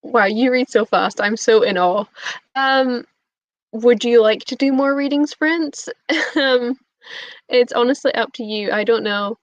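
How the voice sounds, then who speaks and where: A woman's voice: fairly high pitch, measured pace, no echo. A young woman chatting casually on a live stream, bubbly and giggly as she answers her chat. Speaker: booktube streamer. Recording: dull lo-fi stream audio.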